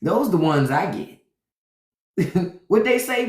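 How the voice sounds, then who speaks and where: A woman's voice: on the low side, very animated, slow pace, darkish tone, reverberant. A woman hosting a live stream, chatting bluntly and sassily to her viewers and brushing off trolls. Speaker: livestream host. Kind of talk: unfiltered live-stream chat. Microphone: phone for a live stream.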